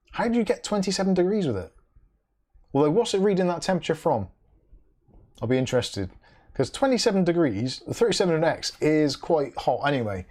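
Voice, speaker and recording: A man's fairly high, slightly mellow voice carries this casual live-stream chat. He reads viewers' comments out loud, answers with dry asides, and hums "da da da" in the gaps, keeping things chatty.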